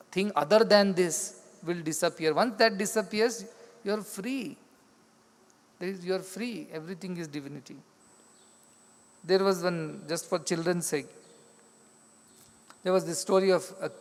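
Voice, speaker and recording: A man with an Indian English accent giving a spiritual discourse, explaining through repetition and acted-out stories. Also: high-pitched. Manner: explains with repetition, acts out quoted voices. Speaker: spiritual teacher. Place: large hall. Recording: long hall reverb.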